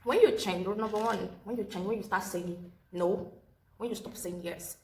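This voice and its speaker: An earnest woman shares a personal story straight to camera, handing out heartfelt advice and driving her main points home by repeating them. Her voice is mid-pitched and sits in a roomy, echoey space with a faint hum of ambience behind it. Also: moderate pace. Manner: earnest, advice-giving, repeats key phrases. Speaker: vlogger telling a personal story. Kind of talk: casual storytime monologue.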